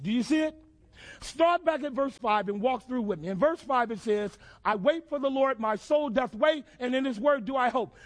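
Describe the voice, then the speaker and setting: A man preaching a sermon in a call-and-response style, repeating phrases rhythmically and rising to shouts. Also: very high voice. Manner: repetitive, rhythmic emphasis.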